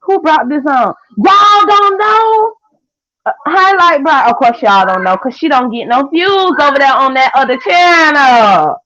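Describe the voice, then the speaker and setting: A young woman, chatting casually with viewers on a livestream in a sassy, trash-talking way with loud cackling laughs. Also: sits high, very animated, moderate pace, dry recording. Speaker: livestream host. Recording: dull lo-fi stream audio.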